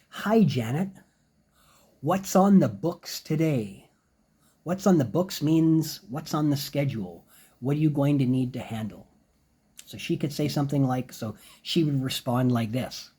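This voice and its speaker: Man, english teacher, mellow tone, slightly husky, slow example phrases. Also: medium pitch. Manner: explains phrases, then acts them out slowly. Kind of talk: casual spoken lesson.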